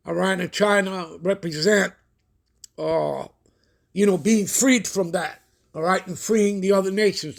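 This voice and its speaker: A man with a high-pitched voice reads news articles and scripture passages to his listeners. He keeps checking in with them after almost every phrase, and he pauses now and then while he finds his place. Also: vocal fry. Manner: checks in with listeners constantly ("all right?", "okay?"); pauses while looking things up. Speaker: host of a prophecy channel. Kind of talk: reading news and scripture with commentary.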